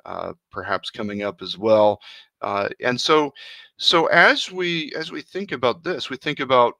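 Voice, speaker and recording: A man presenting a live software demo in a webinar, thinking aloud with many fillers and repeated restarts. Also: fairly low pitch, creaky, no echo. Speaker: presenter at a user group webinar.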